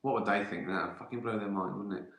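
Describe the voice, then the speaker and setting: A man's voice: fairly low pitch, steady tone, fast, a bit bright, reverberant. A middle-aged man, chatting casually on a livestream, rambling, swearing and laughing at his own stories. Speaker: livestream host answering viewer questions. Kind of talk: casual chat.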